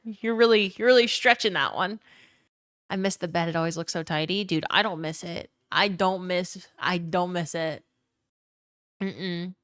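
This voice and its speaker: A young woman talks quickly and loosely on her live stream, greeting chat by name and swearing freely. Her voice sits in a middle range, recorded close and dry at home. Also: medium pitch, a bit bright, smooth, no room sound. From Louisiana. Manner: fast-talking, swears freely, greets chatters. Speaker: livestreamer. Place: home room.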